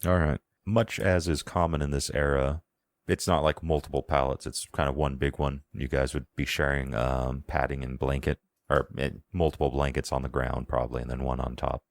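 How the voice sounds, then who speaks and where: A man narrating a tabletop role-playing game as game master, in a casual, halting way. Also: rumbling low, level tone, creaky, no room sound. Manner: casual, halting, lots of fillers and laughs.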